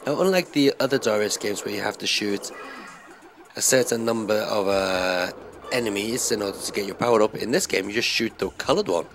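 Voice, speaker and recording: A low, gravelly man talks through a retro shooter in an easygoing, rambling way, stopping often for filler sounds. Clear game music plays behind his voice-over. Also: brisk. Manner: relaxed, rambling, frequent uh fillers. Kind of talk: casual gameplay commentary voice-over.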